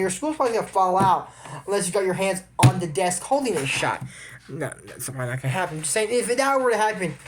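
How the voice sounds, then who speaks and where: A man's voice: high-pitched, slight background noise. A man casually retelling a cartoon episode, rambling with asides and opinions. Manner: chatty, opinionated. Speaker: show recap commentator.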